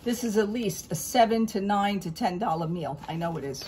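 A woman talking at home in a casual haul vlog, a rambling storyteller who keeps saying "I says" and turns loud and indignant over a grievance. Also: mid-range voice, expressive, normal speed, slight background noise. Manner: gets loud and indignant when telling a grievance. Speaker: vlogger.

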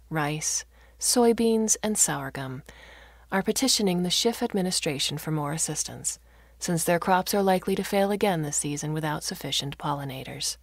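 A woman's voice: lowish voice, no echo, clean studio sound. A woman voicing a polished television news anchor reading a report. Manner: measured newsreading.

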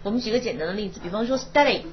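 Woman teacher, classroom lecture, muffled old tape, faint hiss. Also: mid-range voice. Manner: explains in Mandarin, reads English lines slowly. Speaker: university English teacher.

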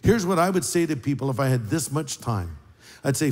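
A man preaching a sermon as pastor, in a conversational, joking way with big swings in pitch. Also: sing-song, a little fast, a little mellow. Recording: live sermon with long hall reverb.

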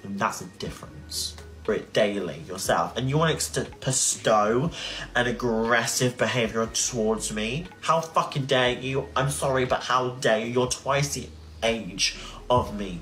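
A young man in his twenties, heated and indignant, swearing freely as he rants to a livestream audience. His voice sits at an ordinary middle pitch. Faint music plays underneath. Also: unhurried, a bit bright. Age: 20s. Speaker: social media creator on a livestream. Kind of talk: emotional livestream rant.

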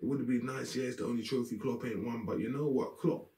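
Talking fast in a steady, dark, mid-range voice, a football fan reacts to a match with a blunt, frustrated rant about his team, swearing throughout. He's in a room with a green screen, and the audio is reverberant, recorded far from the microphone.

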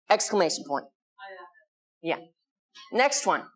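A woman's voice: mid-range voice, lively intonation, a little slow. An American woman leading a spiritual community, giving an earnest, conversational Sunday talk and putting questions to the people in the hall. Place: community hall before a live audience.

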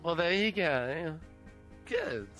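Aussie guy in his 40s having a few drinks, swearing a lot, voice a bit high, music playing. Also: very animated, takes it slowly, a bit bright. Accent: Australian. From Australia. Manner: boisterous, crude, heavy swearing. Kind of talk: casual chat in a virtual-reality hangout.

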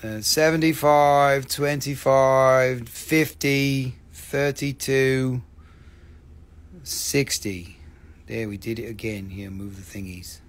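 A man hosting a live stream where he sells stones, showing pieces, repeating prices and answering chat in an excitable, casual way. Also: medium pitch, slow.

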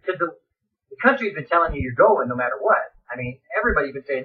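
A man preaching a fiery sermon on the radio, swinging from shouted pleas to hushed, dramatic asides. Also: high voice, sing-song, fast, far from the mic, lo-fi sound.

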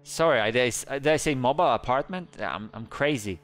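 A man giving excited, playful game commentary who squeals up high whenever he panics. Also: brisk. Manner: squeals high when panicked, playful kid-friendly banter. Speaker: gaming YouTuber.

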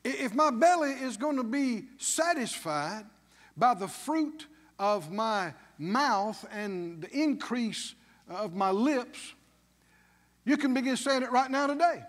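A man's voice: very high-pitched, lively intonation, takes it slowly, big-room sound. A man preaching a sermon as pastor, emphatic, with call-and-response questions to the congregation.

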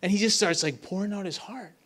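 Speaking a little fast in a high, fairly bright voice, this man tells a story as a casual sermon at a church gathering. He leans heavily on "like" and "right?" and keeps checking in with the audience.

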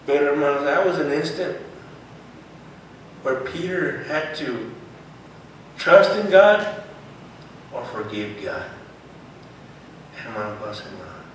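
A man preaching a sermon with fervor, at times breaking into shouts and dropping in Spanish words. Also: a little high, a little hiss or hum. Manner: fervent, rising to shouts, mixes in Spanish words. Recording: echoey room, voice far from the mic.

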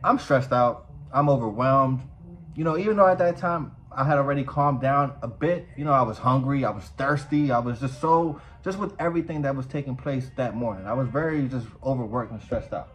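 A man vlogging casually, telling a story in a profane, animated way. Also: mid-range voice, a little fast, a little hiss or hum, poor audio.

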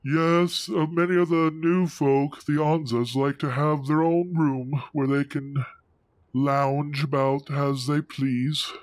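A man's voice: on the high side, fairly even intonation, slow, dry recording. A man voicing a polite, formal male house servant. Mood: courteous. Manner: courteous, formal.

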